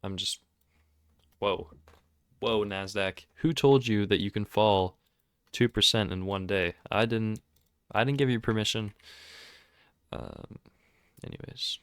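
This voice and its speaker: A man giving casual commentary over his trading screen, excitable and quick to mock himself. His voice is smooth and somewhat low, recorded on a close mic with a dry, deadened sound. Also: no echo. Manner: excitable, sarcastic and self-mocking. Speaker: trading video host.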